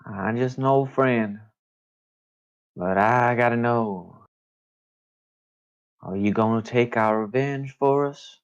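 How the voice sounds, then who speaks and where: A man voicing an eerie, disembodied voice in the mist that pleads slowly, on dull lo-fi stream audio. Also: mid-range voice, clean tone, pitched above the performer's own voice. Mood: pleading.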